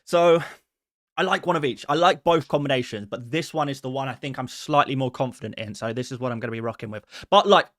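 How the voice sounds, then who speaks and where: A man's voice: medium pitch, fast, a bit bright, no room sound, clean studio sound. A man streaming live about fantasy football, rambling chat with many restarts and fillers.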